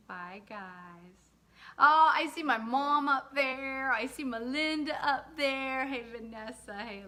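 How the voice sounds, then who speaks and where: Bright-voiced woman chatting on a livestream. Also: on the high side. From lived in the US state of Georgia. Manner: chatty, warm shout-outs to viewers, laughing asides. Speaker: author hosting a livestream. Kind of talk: casual livestream chat with viewers.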